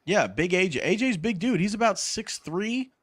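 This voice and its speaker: A man's voice: high-pitched, animated, moderate pace, fairly bright tone, no echo. Man, co-host, rambling and candid storyteller, dry close sound. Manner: rambling, candid, swears casually. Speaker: podcast co-host. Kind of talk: casual chat.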